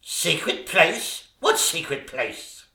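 A catty, boastful ugly stepsister, as a man plays her in a stage pantomime, her voice swooping wildly from shrieks to low mutters. She drawls her jibes slowly and camply. The sound rings around an echoey stage. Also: sing-song, pushed and bright, full character voice. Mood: bossy. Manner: camp, shrieking, teasing sing-song delivery.

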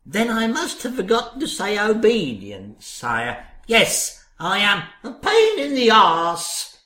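An oily, fawning male servant, acted by a man in a comic radio play, speaking slowly and unctuously. His voice rises and dips widely from line to line, and there is a roomy echo around it. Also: sits high, huge pitch swings, pushed and bright, heavily acted. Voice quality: oily and obsequious.

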